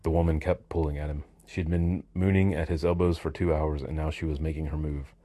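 Male audiobook narrator, wry, very low and dark voice, dry close sound. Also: steady tone, brisk, no echo. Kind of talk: first-person literary narration.

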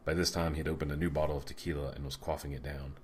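A man narrates an audiobook in a measured, dry manner, keeping an even, unhurried tone throughout. His voice is extremely low, heavy and deep, with a little hiss or hum in the audio.

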